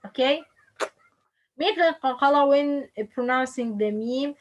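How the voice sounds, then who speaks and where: A woman's voice: high-pitched, low-quality recording. A woman whose first language is Arabic, teaching pronunciation in English, drilling and repeating each sound for the learner. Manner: slow, repeats letters and words for drilling, non-native English grammar. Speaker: Quran recitation teacher. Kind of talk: tajweed pronunciation lesson.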